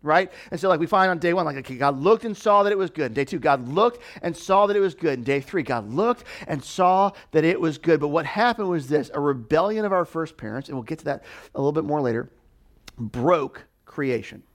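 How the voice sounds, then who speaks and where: A man in his thirties preaching a conversational sermon, animated, with many fillers and restarts. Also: fairly high pitch, a little fast. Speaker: pastor.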